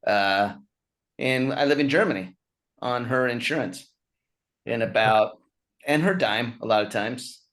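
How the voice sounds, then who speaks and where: A man's voice: medium pitch, unhurried, pauses often, a bit bright. A man in his fifties from Utah, a stand-up comedian chatting as a guest on a video call, wry and self-mocking, laughing often. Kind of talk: casual chat over a video call.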